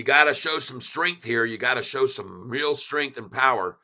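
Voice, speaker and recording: A middle-aged man speaks at normal speed with a medium pitch, excitedly walking folks through a stock chart in a folksy way. He repeats himself to stress his points.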